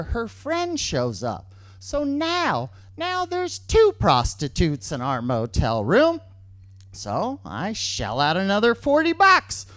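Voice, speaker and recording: A man tells a true story on stage, his pitch leaping up and down, and he often repeats key lines for emphasis. The sound is close, dry and a bit bright, with no room sound at all.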